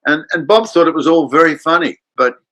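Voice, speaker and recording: Older aussie guy spinning stories, bright voice, lively, does voices for everyone. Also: on the high side, fairly quick, low-quality recording. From Australia. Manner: animated, acts out voices in his stories. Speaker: guest actor. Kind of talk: anecdotal storytelling in a chat.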